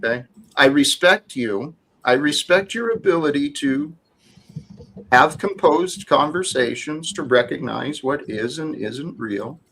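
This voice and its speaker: A man hosting a heated panel argument, who insists again and again that the other speaker calm down and hear him out. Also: a little high, a little slow, slight background noise, poor audio. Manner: insistent, repeats calls to calm down. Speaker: host.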